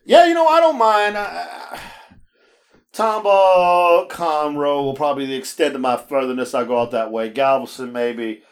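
Male co-host, rideshare storyteller, slightly high voice, laughs a lot, acts out voices. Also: normal speed. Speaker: podcast co-host; rideshare driver. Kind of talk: casual chat.

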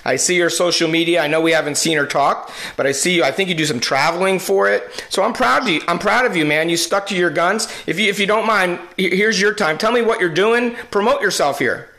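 A man's voice: high-pitched, fairly quick, creaky, hardly any pauses. A middle-aged man with a New Jersey accent, hosting a casual chat and laughing often. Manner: warmly encouraging, laughs often. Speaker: host. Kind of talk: casual conversation.

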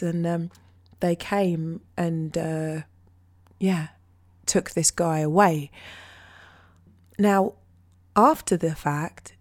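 Hesitant, reflective woman in a casual monologue, slow-spoken, dry close sound. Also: on the low side, darkish tone, dry recording. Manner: hesitant, reflective, frequent pauses.

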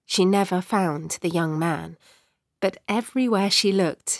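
A woman narrating a short story in a measured, expressive way. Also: fairly low pitch, no room sound, clean studio sound.

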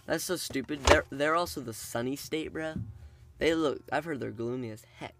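A young man co-hosting a podcast in casual chat, relaxed and drawling, often trailing off quietly. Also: fairly high pitch, normal speed, heavy background noise. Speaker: podcast co-host.

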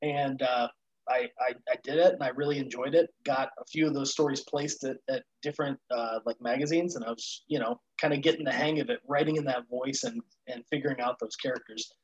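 A man appearing as a guest on an interview, talking thoughtfully in a halting way with repeated words and casual fillers. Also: medium pitch, fairly even intonation, dull audio. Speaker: guest writer.

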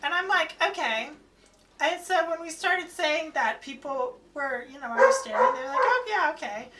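A woman's voice: high-pitched, expressive, normal speed. A woman in casual chat, ranting about her old job. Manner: chatty, ranting about work. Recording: distant mic with loud noise.

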